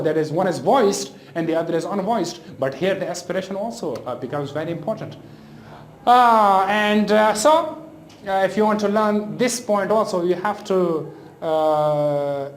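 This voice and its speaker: A male teacher with a Pakistani English accent explains pronunciation patiently, often restarting with fillers. His pitch swings widely as he talks. The room has a noticeable echo. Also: a little hiss or hum. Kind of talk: classroom lecture. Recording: echoey room.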